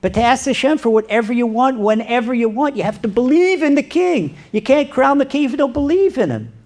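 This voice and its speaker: Gravelly rabbi telling a sermon story. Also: male voice, extremely high pitch, fairly quick. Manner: animated, rhetorical questions.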